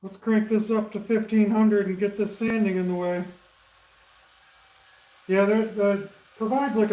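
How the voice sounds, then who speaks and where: Working at his lathe during a livestream, a high-pitched man keeps up relaxed shop talk, calling viewers by name and reading their comments out loud. The recording comes from a camera set up next to the lathe and carries the echo of a spacious workshop.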